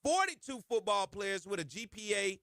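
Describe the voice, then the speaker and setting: Animated radio sports host. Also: male voice, moderate pace, vocal fry, no echo, clean studio sound. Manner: animated, rising loud and high when hyping a point; folksy Southern slang, chatty asides to his producer. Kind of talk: casual sports talk radio monologue. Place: radio studio. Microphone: studio microphone.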